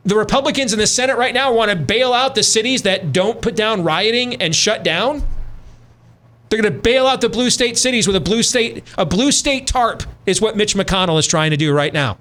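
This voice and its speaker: A man's voice: sits high, normal speed, fairly bright tone. A middle-aged man hosting a radio talk show, ranting with sarcastic, emphatic commentary.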